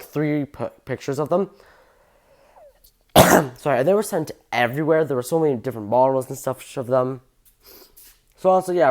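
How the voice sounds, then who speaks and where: An eager train enthusiast chatting through a casual fan video at a middling pitch. They ramble happily, trip over details and correct themselves mid-sentence. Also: darkish tone. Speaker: train fan channel host.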